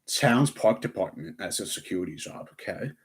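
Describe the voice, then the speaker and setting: Young man, streamer, casual live chat, rambling, lots of fillers, slightly low voice. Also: lively intonation, normal speed. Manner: rambling, filler-heavy, frequent restarts.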